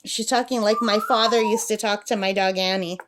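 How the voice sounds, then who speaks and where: A woman's voice: medium pitch, steady tone, fairly quick, a little hiss or hum. A middle-aged woman chatting casually while crafting, reading out number codes and cooing at her pet bird. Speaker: craft vlogger. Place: campsite.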